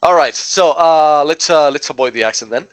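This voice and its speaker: A man's voice: a little high, moderate pace, poor audio. A man playing in a tabletop game, chatting casually and a bit sheepishly. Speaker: player.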